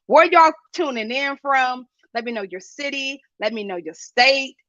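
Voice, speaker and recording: A woman in her late thirties hosting a live-stream talk show, chatty and energetic, with a preacher-like cadence. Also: high voice, a little slow, no room sound, lo-fi sound. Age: 30s. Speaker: podcast host.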